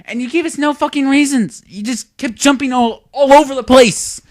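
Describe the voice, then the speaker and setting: A man's voice: very high-pitched, normal speed, dry recording, studio quality. A young man giving a lecturing, sarcastic commentary rant on a video. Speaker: YouTube commentator.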